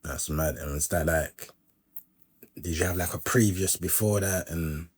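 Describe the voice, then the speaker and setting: A male podcast host who mostly listens, dropping quiet agreement and easygoing follow-up questions. His voice is deep and husky. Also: measured pace. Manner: brief murmured agreement, short questions. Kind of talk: casual interview.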